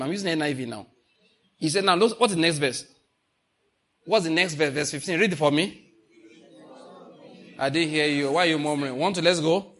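Nigerian pastor guy preaching, bit high voice, hammers points over and over, gets loud. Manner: emphatic, repeats lines, rises to loud bursts. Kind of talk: sermon.

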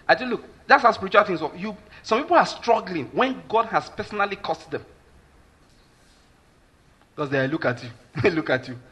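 Nigerian pastor, male, forceful husky voice, preaches emphatically with constant check-ins. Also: on the high side. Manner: emphatic, keeps asking the listeners if they follow. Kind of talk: sermon.

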